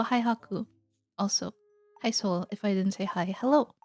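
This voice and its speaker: A woman's voice: medium pitch, normal speed, darkish tone, dry recording, soft background music. A woman streamer in casual, playful chat with her viewers, giggling often.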